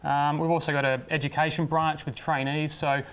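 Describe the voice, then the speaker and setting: Smooth quick Australian man explaining. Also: a little high. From South Australia. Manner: steady, explanatory with fillers. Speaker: golf association officer, guest. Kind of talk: studio interview.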